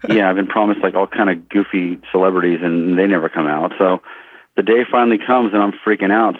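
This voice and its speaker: A middle-aged man, a shooting instructor, telling rambling, lively stories in an interview, acting out what people said. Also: deep voice, no room sound. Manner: animated, rambling storyteller who acts out quotes. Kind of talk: casual storytelling in an interview. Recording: tinny phone-like line.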